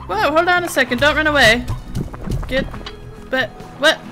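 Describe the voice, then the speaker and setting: A woman playing a video game and commentating, excitable and swearing heavily as she scolds the creatures. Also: high voice, moderate pace. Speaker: let's play gamer. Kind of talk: let's play commentary. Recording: game music playing underneath.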